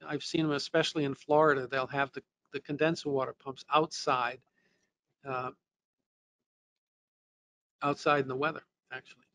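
New England male trainer, slightly high voice, casual explainer with fillers. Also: a bit bright. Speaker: technical trainer. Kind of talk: technical lesson.

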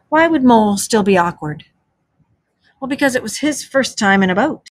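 A woman teacher reading a classic animal story aloud to children, pausing to explain words and events. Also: fairly high pitch, expressive, no echo.

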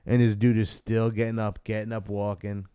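A man co-hosting a casual comic book chat. His voice is low, mellow and smooth, and he retells scenes with energy, acting out the characters' lines. The sound is dry and close. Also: flat delivery, normal speed, no echo. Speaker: podcast co-host.

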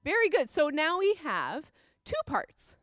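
A woman's voice: high voice, wildly swooping pitch, a little slow, fairly bright tone, no echo. A woman teaching a creative movement dance class for children, upbeat and encouraging as she counts out the moves. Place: dance studio with a piano.

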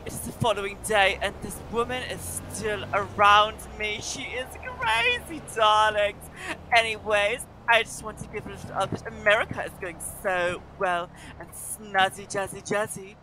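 A woman's voice: mid-range voice, moderate pace, sharp tone, slight background noise, natural voice. A woman voicing a dramatic, self-important female socialite vlogger who calls everyone darlings and shrieks when upset. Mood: posh vlog. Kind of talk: role-play vlogging.

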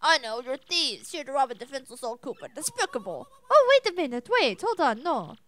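A woman's voice: high voice, big pitch swings, brisk, a bit bright. A woman voicing a fretful old male turtle creature in a video game, with a quavering delivery.

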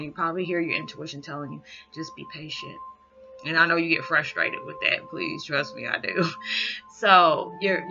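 Tearful woman giving a spiritual message. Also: sits low. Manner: halting, heartfelt, repeats "you know". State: holding back tears. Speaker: spiritual reader. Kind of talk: emotional spiritual message vlog. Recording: dull lo-fi sound with music behind. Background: background music.

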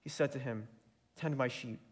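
A man's voice: mid-range voice, moderate pace, husky. A young man preaching a sermon, earnest and building to fervent emphasis.

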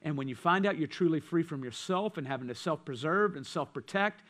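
A man preaching a sermon as pastor, swinging from loud passages to hushed ones. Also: fairly high pitch, animated, a little fast. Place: church.

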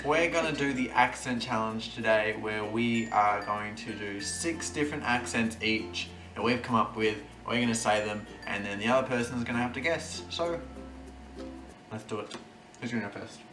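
A chatty man hosting his vlog, quick and upbeat. His voice sits mid-pitch and sounds off-mic in a roomy space. Background music runs underneath. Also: recorded from a distance. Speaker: vlogger host. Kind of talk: casual chat.

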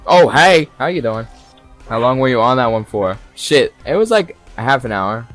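A young male streamer narrates his horror game run live, his pitch leaping around as nerves turn into yelps and cheers. He curses freely and chatters at the characters on screen. Faint game music plays underneath. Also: normal speed. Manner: excitable, swears a lot, talks to the game, sudden yells. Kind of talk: live gaming commentary.

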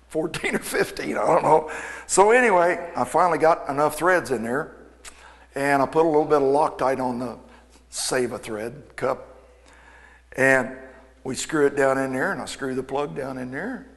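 A folksy man spins a lively shop story for a crowd, jumping into the voices of the people in it. His voice sits at an ordinary pitch, and it rings out with a long hall reverb. He sounds like a practiced speaker at an event. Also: normal speed, creaky. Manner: folksy, animated anecdote-telling with quoted dialogue. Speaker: aircraft mechanic and speaker. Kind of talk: storytelling talk to an audience.

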